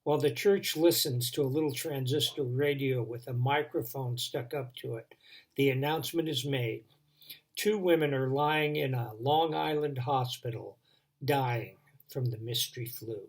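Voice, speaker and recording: A man telling a dramatic devotional story, building tension and then dropping to a hush. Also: mid-range voice, normal speed. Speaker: devotion speaker.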